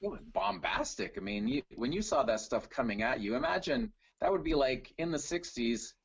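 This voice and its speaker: A middle-aged man from Canada talks in a relaxed, rambling storytelling way. His voice is a little husky and sits at an ordinary pitch. The sound is dry and somewhat dull. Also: moderate pace, no echo. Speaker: guest, tribute singer. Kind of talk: casual video call interview.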